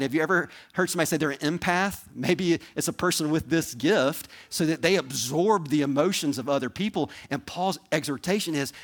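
A man's voice: a little high, lively intonation, fairly quick, few pauses. A male pastor delivering a sermon in an earnest, conversational way, pleading with listeners and checking in with "right?" and "okay?".

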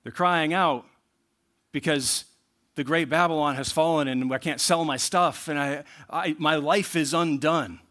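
A man preaching a sermon in an earnest way, going from low asides to loud bursts. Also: fairly even intonation, normal speed. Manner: earnest preaching, rising to loud bursts when reading scripture. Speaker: pastor.

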